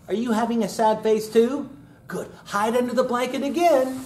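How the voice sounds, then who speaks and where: Singing with his guitar, a man runs an upbeat sing-along class for young children and asks them questions. His voice is very high-pitched at normal speed. Acoustic guitar plays loudly in the background of a roomy room.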